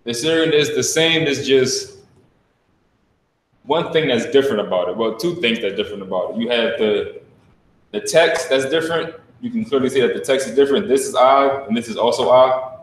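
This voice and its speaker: A man's voice: mid-range voice, slight background noise. Distant echoey man teaching an online class. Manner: casual, repeats sounds slowly with emphasis. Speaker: stand-in language teacher.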